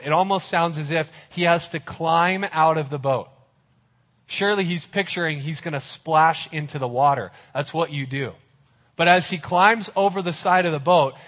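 A man's voice: fairly high pitch, fairly bright tone. A man preaching a sermon as a pastor, retelling a story vividly with casual asides to the listeners.

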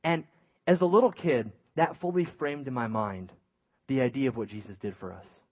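Husky-voiced man telling a story. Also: medium pitch, normal speed. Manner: animated, self-mocking storytelling; drops to a hushed voice for inner thoughts. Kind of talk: personal story in a sermon.

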